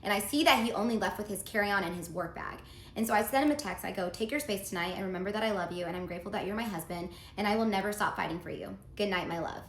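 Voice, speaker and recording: A woman with a medium-pitched voice talks quickly as she tells her own story in a casual storytime monologue, earnest and confiding, reading text messages aloud along the way. The recording has a roomy echo and faint background noise.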